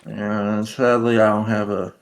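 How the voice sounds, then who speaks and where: A man's voice: on the low side, flat delivery, measured pace. A man playing a tabletop game, describing his character's moves in a hesitant, chatty way. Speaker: player.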